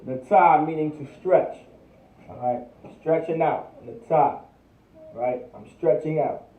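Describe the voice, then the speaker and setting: A man's voice: fairly high pitch, takes it slowly. A man teaching a livestreamed language class, repeating each word over and over as he drills it. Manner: repetitive, drills each word, thinks aloud. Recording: echoey, distant, tinny phone-like sound.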